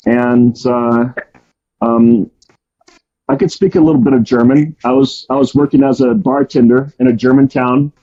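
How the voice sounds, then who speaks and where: A man's voice: mid-range voice, fairly even intonation, moderate pace, warm tone. A man casually telling his life story, rambling with many ums and restarts. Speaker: storyteller guest. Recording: dull lo-fi sound.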